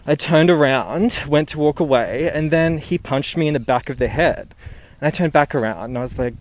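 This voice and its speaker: A man's voice: medium pitch, moderate pace, slight background noise. A man from Newcastle telling a story casually and animatedly, swearing and laughing as he goes.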